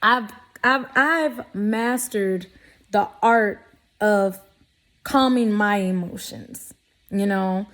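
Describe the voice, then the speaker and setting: Woman vlogger, mid pitch, blunt and sassy, casual advice talk. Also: drawn-out words. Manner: sassy, blunt, animated with mock quotes. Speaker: vlogger giving life advice. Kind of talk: casual direct-to-camera talk.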